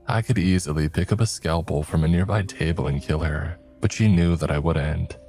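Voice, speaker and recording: Man, extremely deep voice, measured horror narration, faint music behind. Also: darkish tone. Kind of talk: first-person horror narration.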